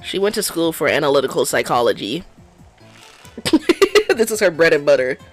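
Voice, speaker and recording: A woman's voice: low-pitched, expressive, moderate pace, faint music behind. A woman streamer giving casual, joking commentary while playing a story game. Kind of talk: let's play commentary.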